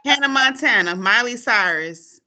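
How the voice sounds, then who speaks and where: A woman's voice: a little high, moderate pace, soft background music. A woman, hosting a casual chat and acting out her students' lines as she tells stories, laughing often. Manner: animated storyteller, acts out quotes, laughs often. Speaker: podcast host, former teacher.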